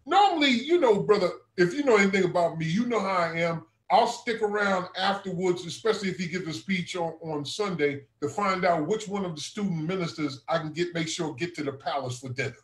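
A man's voice: high voice, a little fast, few pauses, echoey room, rough recording. A man who serves as a regional minister, earnestly telling a personal testimony in a conversational way and often calling his listener brother. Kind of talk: testimony storytelling.

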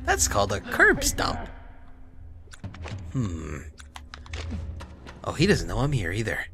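A man commentating a game as he plays, joking and talking to the characters, dropping to whispers and bursting into yells and swearing. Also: fairly low pitch, wildly swooping pitch, slow pace. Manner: swings from hushed whispers to loud yelling and swearing. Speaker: gameplay commentator. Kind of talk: let's play commentary. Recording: game music playing behind.

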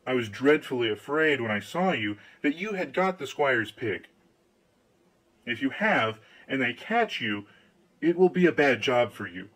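A man's voice: medium pitch, sing-song, measured pace, a bit bright, poor audio. A man voicing a shrewd, sly countryman who talks in a persuasive, confiding manner.

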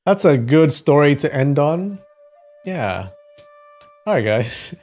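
Chatty, giggling man with a lively voice. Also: fairly high pitch, takes it slowly, faint music behind. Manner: chatty, giggly, thinks aloud. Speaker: streamer reading folktales. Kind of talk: casual livestream chat.

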